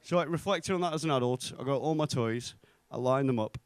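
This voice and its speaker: A young man at a stand-up mic, his voice sitting in a middling register. The sound is close and dry, with little room around it. He lands his jokes deadpan and slips into other people's voices for his stories. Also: mid-range voice, fast talker, clean tone, no room sound. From North West England. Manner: deadpan punchlines, acts out quoted voices. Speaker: stand-up comedian. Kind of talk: stand-up comedy set. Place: comedy club stage.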